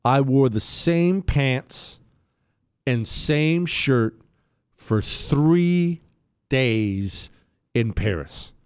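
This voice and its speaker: A man telling a travel story on air, animated and sarcastic, swinging between loud and quiet. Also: medium pitch, very slow, long pauses, smooth. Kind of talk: storytelling monologue.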